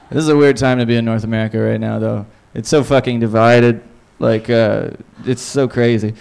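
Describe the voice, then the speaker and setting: A man from Canada performs stand-up in a small comedy club. His voice sits at a middling pitch, and he rambles through crude bits. Now and then he breaks into silly put-on voices. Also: fairly even intonation, normal speed, creaky, darkish tone, smooth. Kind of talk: live stand-up set.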